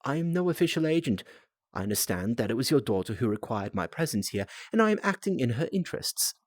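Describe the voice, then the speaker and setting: A man voicing a calm, sharp-minded male detective in a storybook reading, explaining step by step. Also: medium pitch, quick pace, no echo, clean studio sound.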